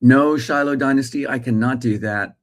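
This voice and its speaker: A man's voice: mid-range voice, normal speed. A man in his forties from Australia, speaking American with Australian traces, chatting live as host and reading viewer comments with many fillers.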